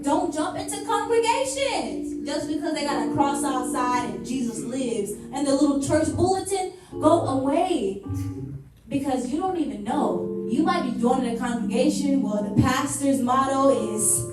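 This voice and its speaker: A woman's voice: high voice, lively intonation, normal speed. A woman preaching a sermon in a sarcastic way, slipping into mock voices of churchgoers. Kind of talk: sermon with mocking role-play. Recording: echoey hall, heard from far off, music behind.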